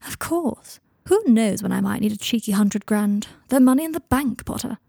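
A woman's voice: medium pitch, expressive, moderate pace, creaky, warm tone, slightly rough, dry recording, studio quality. A woman reading aloud and voicing a prickly, teasing young man with a haughty, mocking manner.

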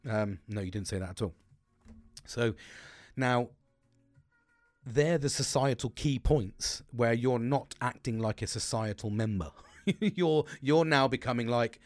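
A man's voice: medium pitch, expressive, moderate pace, no room sound. A middle-aged man in a blunt, sweary, rambling monologue who often restarts his sentences.

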